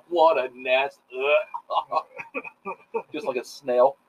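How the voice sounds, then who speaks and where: A middle-aged man telling rambling, profane stories in a casual chat, animated and full of quoted voices. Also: a little high, drawn-out words, husky. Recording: dull lo-fi sound.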